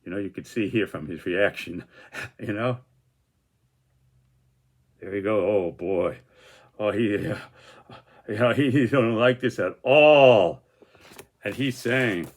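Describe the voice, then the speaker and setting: Guy walking through his political cartoons, rambles a lot, keeps restarting, average pitch. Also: unhurried. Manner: rambling, many restarts and fillers. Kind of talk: casual commentary on political cartoons.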